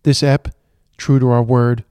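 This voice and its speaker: A man's voice: mid-range voice, level tone, unhurried, mellow, clean tone, no echo. Chatty Irish man, dry close sound. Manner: chatty, restarts phrases often. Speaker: podcast co-host. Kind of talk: casual chat. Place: moving car. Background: traffic and train noise.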